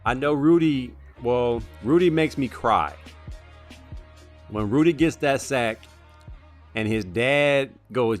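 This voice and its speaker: A man's voice: medium pitch, soft background music. Chatty man riffing on sports movies. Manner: animated, drawn-out "man" asides. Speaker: sports show co-host. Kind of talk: casual sports movie chat.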